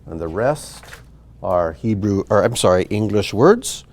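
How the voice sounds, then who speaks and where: A man teaching a recorded language lesson, talking slowly and patiently. His low voice moves up and down a lot. He pauses on "um" and corrects himself now and then. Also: expressive, darkish tone. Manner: patient, explanatory, with fillers and self-corrections. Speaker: Hebrew teacher.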